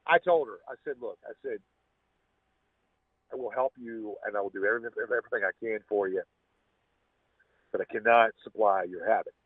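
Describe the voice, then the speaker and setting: A man with a lowish, husky voice tells a long personal story as a podcast guest, circling back and restarting his sentences. The sound is thin and phone-like, with a dry, close feel. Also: a little fast, long pauses, dry recording. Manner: rambling, with repeated restarts. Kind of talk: casual storytelling.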